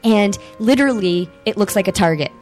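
A woman in her thirties hosting a casual chat show, rambling and excitable with lots of fillers. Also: medium pitch, a little fast, faint music behind. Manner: excitable, animated outbursts. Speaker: podcast host.

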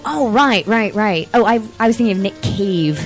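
A woman in her thirties hosting a casual chat show, rambling and excitable with lots of fillers. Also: mid-range voice, normal speed, soft background music. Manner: excitable, animated outbursts. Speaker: podcast host.

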